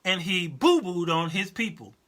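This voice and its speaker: A man in his fifties hosting a talk show, talking straight to his viewers in an animated, laughing monologue and answering their chat comments. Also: high voice, normal speed. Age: 50s.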